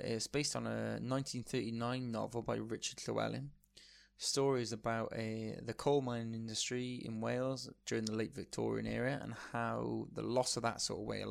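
A man's voice: lowish voice, creaky. A man co-hosting a podcast, explaining things casually and recalling facts aloud as he goes. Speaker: podcast co-host. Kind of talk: casual film discussion.

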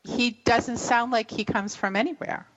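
A woman's voice: a little high, steady tone, normal speed, in a large hall, muffled recording. A woman co-hosting a radio show, agreeing readily and laughing often in casual chat. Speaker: radio host.

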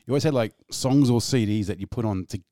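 A man's voice: fairly low pitch, fast talker, dark tone, dry recording, clean studio sound. A man with an Australian accent co-hosting a radio show, rambling and giggling as he talks. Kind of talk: casual radio banter.

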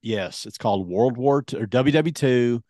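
In clean studio sound with no echo, a thirty-something podcast co-host chats casually in a mellow, medium-pitched voice at normal speed. He comes across as earnest, letting his voice drop when things turn serious.

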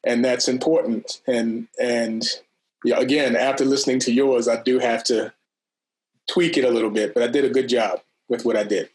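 A man's voice: medium pitch, flat delivery, normal speed, darkish tone, rough recording. A man taking part in a coaching video call, polite and a little hesitant as he reflects on his plan. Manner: polite, hesitant, says "yes, ma'am".

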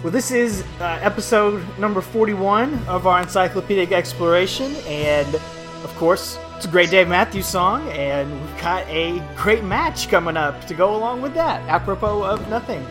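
A man's voice: high voice, moderate pace, music in the background. A man hosting a casual podcast, upbeat and jokey, rambling a little with fillers. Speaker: podcast host.

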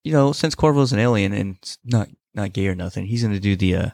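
A man's voice: lowish voice, lively intonation, fast, creaky, a little mellow, no room sound, studio quality. A man co-hosting a podcast, chatting playfully and acting out silly scenes between laughs. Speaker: podcast co-host. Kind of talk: casual chat.

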